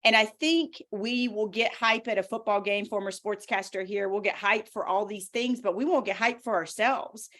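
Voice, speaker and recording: A woman with a Southern US accent shares personal stories as an interview guest, her voice sitting at an ordinary middle pitch. She talks in an animated, motivational way and leans into each point. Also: normal speed, hardly any pauses. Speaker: author guest. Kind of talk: casual interview talk.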